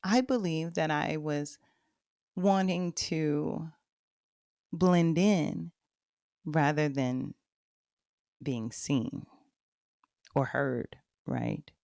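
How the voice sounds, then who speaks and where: A woman's voice: low voice, very slow, gravelly, long pauses, a little mellow, dry recording, clean studio sound. Candid Texan woman telling her story. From Texas. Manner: candid, conversational, speaks straight to listeners. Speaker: podcast host. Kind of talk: personal storytelling monologue.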